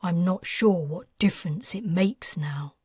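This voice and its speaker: A weary, resigned man, as a woman narrator puts him on in an audiobook. His voice sits lower and speaks calmly and unhurriedly, in a dry, close sound. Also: unhurried, slightly rough, dry recording.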